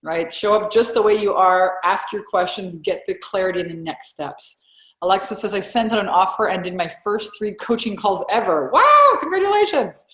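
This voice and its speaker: An energetic woman coach talks a live group through their wins, gushing, with sudden excited leaps in her voice. Her mid-range pitch rings in a roomy, echoing space. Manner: upbeat and effusive, with big excited jumps in pitch. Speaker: business coach hosting a group call.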